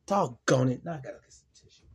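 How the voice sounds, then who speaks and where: A man talking to his viewers in an emotional monologue, tearful and clearing his throat, slow and emphatic, repeating his phrases. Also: mid-range voice. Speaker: vlogger.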